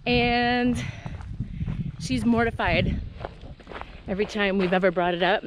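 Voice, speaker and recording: A middle-aged woman talking to the camera on a long hike, chatty and excitable, telling stories as she walks. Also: medium pitch, a little slow, pauses often. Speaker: long-distance hiker vlogger. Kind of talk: casual trail vlog. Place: outdoors on a desert trail. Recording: outdoor noise behind the voice.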